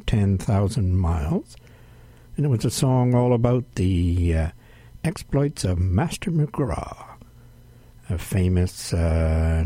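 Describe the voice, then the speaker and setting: Low husky-voiced male radio host. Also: mellow, no room sound. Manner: unhurried, with frequent "uh" fillers. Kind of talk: radio music show announcing. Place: radio studio.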